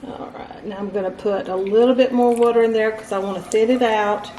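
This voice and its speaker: A woman's voice: a little high, fairly even intonation, brisk, dark tone, reverberant, a little hiss or hum, poor audio. A middle-aged woman hosting a casual, homey cooking demonstration in her kitchen. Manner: chatty, instructive, homey. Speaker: home cooking host. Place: home kitchen.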